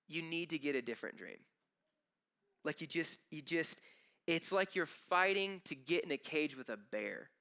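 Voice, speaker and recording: A man preaching a sermon in a bright, forceful voice that sounds smooth and crisp. His pitch sits a little high for a man. He talks to the congregation conversationally, with emphatic repeated starts. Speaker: pastor. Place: church auditorium.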